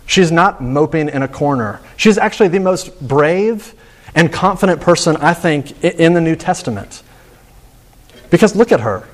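Earnest man preaching, somewhat high voice. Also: animated, normal speed. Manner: earnest, emphatic, repeats words when pressing a point. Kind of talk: sermon.

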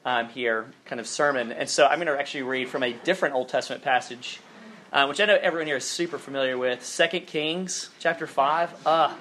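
A man's voice: a little high, fairly bright tone, a little hiss or hum. A man from southern Alabama with a faded Southern accent, giving a chatty, informal sermon as a campus minister and reading scripture aloud. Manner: chatty, self-deprecating, many fillers.

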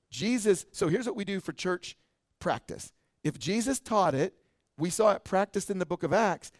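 A pastor in middle age gives a relaxed, joking sermon and keeps checking in with his listeners. His voice sits a little high for a man. The recording is close and dry. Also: no echo. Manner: conversational, joking, frequent "right?" asides.

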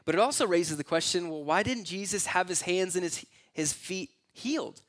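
A man preaching a sermon in a conversational, animated way, filling his talk with "like" and little acted-out quotes. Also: high voice, normal speed. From United States. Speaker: pastor.

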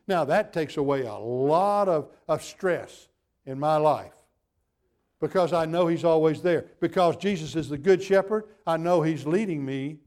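A pastor delivers a sermon in a somewhat high voice for a man. He stacks phrases on top of one another and leans hard into each repetition. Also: darkish tone. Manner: emphatic preaching with building repetition.

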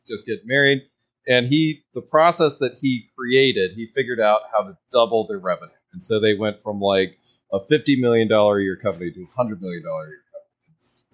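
A man's voice: on the low side, lo-fi sound. A man ranting casually on a podcast, rambling through his story with fillers and restarts. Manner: rambling, restarts with many fillers, laughs at own asides. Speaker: podcast guest.

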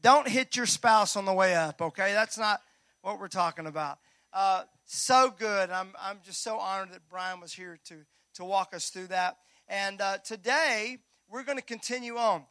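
A male pastor preaching a Sunday sermon in a church, energetic and joking with the congregation. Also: high voice, moderate pace, no echo. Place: church sanctuary.

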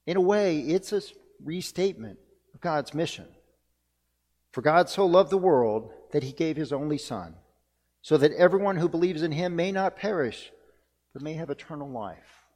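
A man's voice: fairly high pitch, lively intonation, normal speed, a little mellow. A man delivering a sermon as pastor, earnest and reflective, repeating key phrases for emphasis. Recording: long reverb of a church hall.

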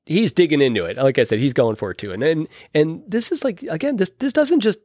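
A man's voice: fairly high pitch, very animated, fairly quick, a little mellow, no room sound, studio quality. A man chatting casually about old films, rambling with many restarts and plenty of enthusiasm. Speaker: podcast host or guest discussing films. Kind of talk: casual chat.

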